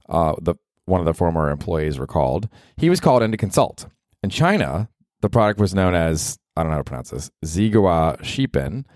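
A man's voice: low-pitched, a little mellow, no echo, studio quality. A man hosting a solo podcast, rambling casually with profanity and self-deprecating asides. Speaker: podcast host.

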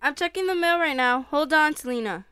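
A woman's voice: high voice, animated, a little fast, sharp tone, dry recording, clean studio sound. A woman voicing a worried, tender mother who mixes Spanish into her English. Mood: anxious. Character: worn-down Mexican mother, tender with her kids.

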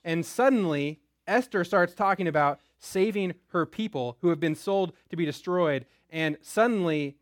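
A man's voice: high-pitched, animated, normal speed, hardly any pauses, no echo, studio quality. A young man teaching a Bible story in a casual style who keeps checking in with "right?". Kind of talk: lively Bible lesson.

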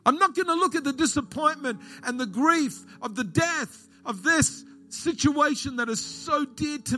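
A man's voice: extremely high pitch, lively intonation, normal speed, few pauses, bright, forceful tone, faint music behind. A male pastor preaching a sermon in an auditorium, repeating key phrases and putting questions to the congregation.

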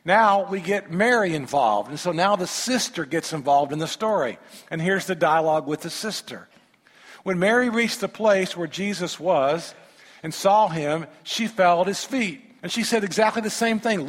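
A male pastor with a high voice preaches to his congregation, moving between scripture reading and lively commentary. He asks rhetorical questions and drops humorous asides. His voice carries the long reverb of a large church hall. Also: normal speed.

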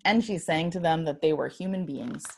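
A woman reading a story aloud in a measured storytelling manner. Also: deep voice, vocal fry, darkish tone, a little hiss or hum.

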